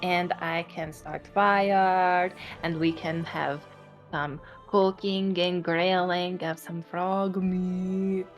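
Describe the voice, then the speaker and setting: A woman playing a tabletop game, speaking in halting, drawn-out phrases. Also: lowish voice, fairly even intonation, muffled recording, faint music behind. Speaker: player. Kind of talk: tabletop game play, casual chat.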